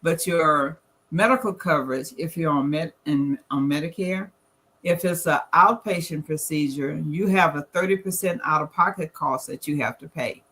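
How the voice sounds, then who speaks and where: A man's voice: on the high side, moderate pace, bright, forceful tone. A man with a Southern US accent giving an earnest, plain-spoken presentation at a church gathering and reading scripture aloud. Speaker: guest presenter. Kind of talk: church financial talk with slides.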